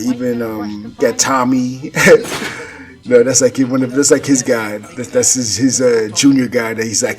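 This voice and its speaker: Guy at home rambling through a commentary track, lots of you-knows and restarts. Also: medium pitch. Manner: rambling, with many filler phrases and restarts. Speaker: creator commenting on his own stop-motion series. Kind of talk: casual commentary.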